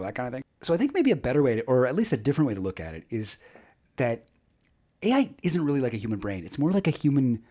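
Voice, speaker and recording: A man's voice: medium pitch, mellow. A Canadian man giving wry, rambling casual commentary on a video as a creator. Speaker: YouTube creator. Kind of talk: casual commentary reading jokes aloud.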